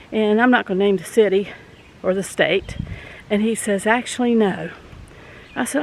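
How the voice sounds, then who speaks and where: A woman's voice: mid-range voice, moderate pace, pauses often, a little hiss or hum, poor audio. Breathless woman vlogging outdoors. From southern United States. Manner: folksy, rambling, earnest. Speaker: vlogger host. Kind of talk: casual chat to viewers. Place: outdoors, walking from a garden.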